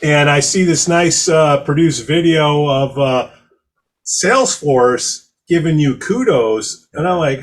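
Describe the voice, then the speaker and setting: A man co-hosting a podcast, teasing and joking with quick asides. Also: fairly high pitch, expressive. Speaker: podcast co-host. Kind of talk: casual podcast chat.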